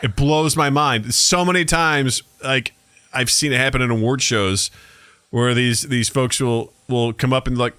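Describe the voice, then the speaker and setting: Podcast co-host, male, bright and dry-recorded, rambling and profane. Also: mid-range voice, steady tone, measured pace, smooth, no room sound. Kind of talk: casual chat.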